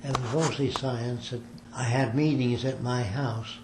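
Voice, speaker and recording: A man's voice: medium pitch, fairly even intonation, measured pace. Older male interviewee, rambling storyteller, roomy sound with faint background noise. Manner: rambling storyteller, acts out quoted voices. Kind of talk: recounting his life in an interview. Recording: echoey room with faint ambient noise.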